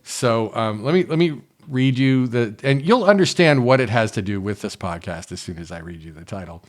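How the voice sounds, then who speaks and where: Man, podcast co-host, rambling and halting delivery, very animated intonation. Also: medium pitch. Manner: rambling, halting, with restarts and asides. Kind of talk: casual podcast chat, reading an article aloud.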